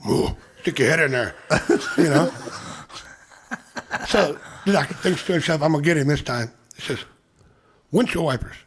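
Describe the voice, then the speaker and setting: A man's voice: on the high side, moderate pace, pauses often, breathy edge. An older man with an American Midwestern accent, a guest telling folksy dirty jokes in a casual chat and acting out the characters. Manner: folksy storyteller, acts out characters in his jokes.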